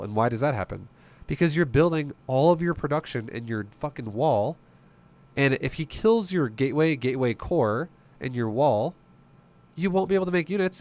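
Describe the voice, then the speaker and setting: Blunt, profane man coaching gamers. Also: medium pitch. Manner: blunt, profane, emphatic, asks rhetorical questions. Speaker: streamer and game coach. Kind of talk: game coaching commentary.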